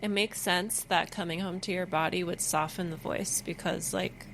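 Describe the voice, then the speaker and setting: A woman hosting a podcast interview over a video call, reflective and affirming with soft murmurs. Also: fairly low pitch, fairly even intonation, normal speed, creaky, a little hiss or hum. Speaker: podcast host.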